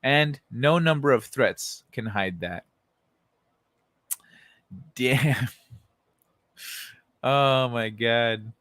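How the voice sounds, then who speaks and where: A man's voice: medium pitch, extremely slow, pauses often, fairly bright tone, dry recording. A man hosting a casual livestream, reading news articles aloud and joking sarcastically with chat, often swearing and laughing. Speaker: livestream host.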